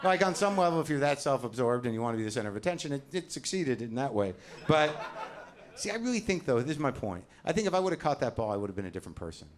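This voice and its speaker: Older male stand-up comic, conversational and self-mocking, medium-pitched voice, mic on stage. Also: big pitch swings, quick pace. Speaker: stand-up comedian. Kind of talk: stand-up routine. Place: comedy stage. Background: audience laughter.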